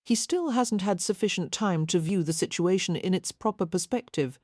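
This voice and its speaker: A pragmatic, caring young matron from a Victorian romance audiobook, as a woman narrator voices her. She talks frankly and practically in a lowish, mellow voice, recorded dry and close. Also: normal speed, no room sound, natural voice. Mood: reasoning.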